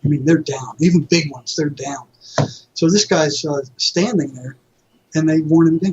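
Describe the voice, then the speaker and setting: A man, a mental health counselor, telling lively anecdotes as a guest in an interview and acting out what others said. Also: a little high, normal speed, background noise. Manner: animated anecdotes, acting out quoted people. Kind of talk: conversational storytelling. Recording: dull lo-fi audio.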